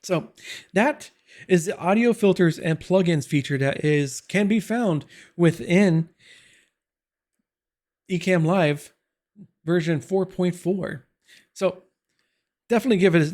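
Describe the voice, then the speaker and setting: Rambling male tech reviewer, slightly high. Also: darkish tone. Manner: rambling, many fillers and restarts. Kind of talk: casual software tutorial. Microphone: desk broadcast mic.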